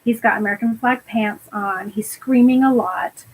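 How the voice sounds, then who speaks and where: A woman's voice: medium pitch, normal speed, husky, low-quality recording. A woman co-hosting a podcast, recapping a film in casual chat, laughing often and quoting characters in passing. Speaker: podcast co-host.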